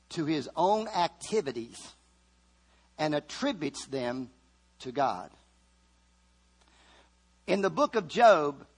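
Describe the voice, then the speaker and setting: A man preaching a sermon, fervent, swinging from loud calls to quiet asides. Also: high-pitched, breathy edge.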